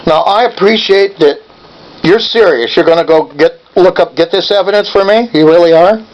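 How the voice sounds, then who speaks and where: A man's voice: high-pitched, normal speed, muffled recording, slight background noise. Angry older man ranting on a call. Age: 70s. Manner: confrontational, badgering, ranting. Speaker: caller.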